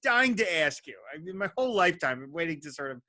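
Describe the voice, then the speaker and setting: Podcast host guy, bright voice, eager fanboy energy. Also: fairly high pitch, sing-song, quick pace. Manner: eager, self-deprecating fan. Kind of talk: interview chat.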